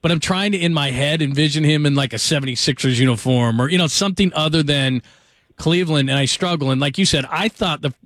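A man's voice: on the high side, quick pace, a bit bright, no room sound, studio quality. A man hosting a late-night sports call-in radio show, chatting loosely with many "uh" fillers and easy laughs.

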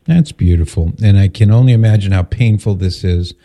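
A man hosting a call-in radio show, speaking in a calm, measured way as he steers the caller. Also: on the low side. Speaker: radio talk show host.

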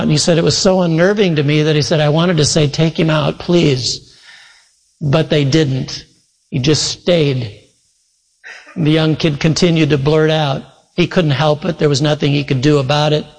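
A man's voice: on the high side, long reverb tail, low-quality recording. A man preaching a sermon, earnestly retelling a story with quoted dialogue.

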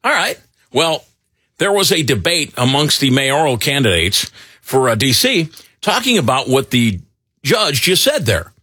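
A middle-aged man hosting talk radio, rambling and animated with lots of fillers. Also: medium pitch, measured pace, breathy edge, dry recording, studio quality. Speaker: radio talk show host. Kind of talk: casual talk radio banter.

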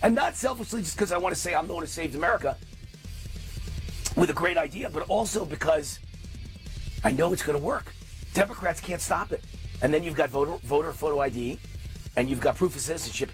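A man's voice: on the high side, animated, fairly quick, faint music behind. A man hosting a talk radio show, delivering an impassioned, ranting political monologue.

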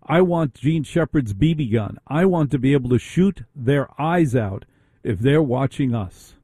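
A man's voice: mid-range voice, animated, unhurried, dark tone, slightly rough, no room sound. A middle-aged man hosting a talk radio show, ranting with indignant rhetorical questions. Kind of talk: opinionated talk radio monologue.

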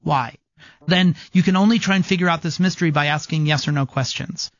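Articulate male professor, higher voice. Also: fairly quick, no echo, muffled recording. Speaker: game designer and professor. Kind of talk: interview conversation.

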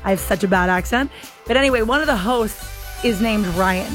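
A woman's voice: medium pitch, fairly quick, soft background music. A woman hosting a talk radio show, chatty and self-deprecating with callers and her co-host.

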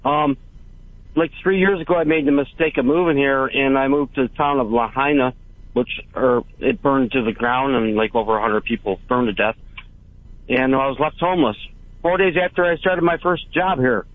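Hesitant man calling in over a phone line. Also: medium pitch. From Hawaii. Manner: hesitant, halting, many fillers. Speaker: caller.

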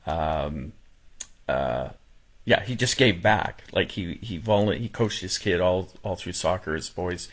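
A man's voice: low voice, lively intonation, measured pace. A man on a radio talk show, speaking casually with many restarts and fillers, emotional as he recalls a funeral.

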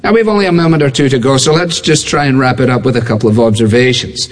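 A man's voice: mid-range voice, fast talker. A man preaching a sermon, building his points through repetition and acting out quoted voices. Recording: long hall reverb.

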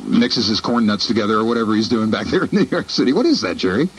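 A man's voice: on the low side, expressive, quick pace, soft background music, low-quality recording. Jokey male radio host. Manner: jokey, upbeat, laughs often. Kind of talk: radio interview. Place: radio studio.

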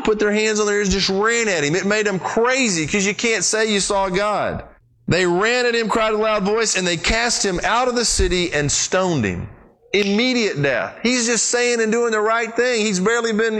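A pastor preaching a sermon, retelling the story with lively, sweeping swings in his voice and speaking straight to his congregation. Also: moderate pace. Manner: animated storytelling with big pitch swings; addresses the congregation directly.

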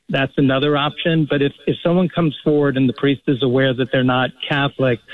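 A man calling in to a radio show, speaking earnestly and haltingly, often restarting his sentences. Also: medium pitch. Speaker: caller. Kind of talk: phone-in call. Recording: tinny phone line.

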